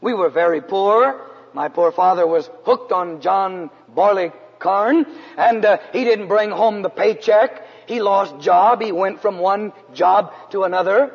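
A man from San Antonio, Texas, preaching a storytelling sermon in an earnest way, sometimes dropping to a hush. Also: high-pitched, measured pace, vocal fry, breathy edge. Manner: earnest narrative preaching, drops to hushed tones for emphasis. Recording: dull, echoey hall recording.

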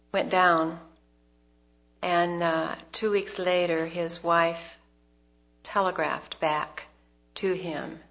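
Expressive woman giving a devotional talk. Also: fairly low pitch. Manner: expressive storyteller, bursts of emphasis then soft asides. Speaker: speaker at a church gathering. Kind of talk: devotional talk with personal story. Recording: dull lo-fi recording.

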